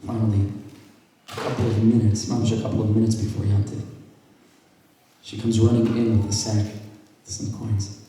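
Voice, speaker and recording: A male rabbi with a deep, very mellow voice tells a story and acts out each character's lines, sometimes sinking to a hush. He sounds distant, picked up from across a large hall. The room adds a heavy, long-ringing echo with faint noise underneath. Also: little pitch movement, moderate pace, long pauses. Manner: acts out quoted dialogue, drops to hushed tones. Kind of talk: storytelling talk at a gathering. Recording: echoey hall from far off.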